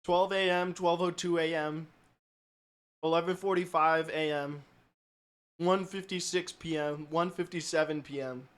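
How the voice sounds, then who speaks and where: A man streams live, chatting casually, joking at his own expense and responding to his chat. His voice is fairly high and smooth with fairly even intonation, a measured pace and a fairly bright tone.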